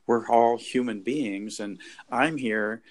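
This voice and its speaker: A man in his fifties, a workshop leader, talking in a gentle, thoughtful way with soft pauses in a reflective conversation. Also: medium pitch.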